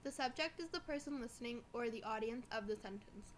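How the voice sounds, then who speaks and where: Young woman reading school notes, higher voice, slows on examples, faint hiss. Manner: reads from notes, slowing on examples. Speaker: student presenter. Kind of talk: scripted school presentation.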